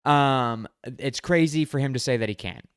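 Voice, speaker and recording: A man's voice: medium pitch, moderate pace, clear, resonant tone, no echo. Guy podcast cohost with a jokey, emphatic way of talking, dry mic. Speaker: podcast co-host. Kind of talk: casual chat.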